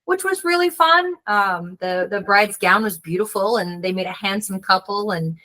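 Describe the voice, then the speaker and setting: A woman with a bright, forceful voice spins an animated tale. She leans on "like" and slips into the voices of the people she quotes. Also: mid-range voice, moderate pace, low-quality recording. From United States. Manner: animated storyteller, acts out quoted voices, frequent "like". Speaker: author, guest. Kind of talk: casual storytelling conversation.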